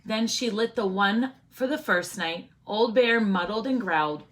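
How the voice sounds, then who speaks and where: A woman teacher reading a picture book aloud to children, expressive and often asking the listeners questions. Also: medium pitch, unhurried.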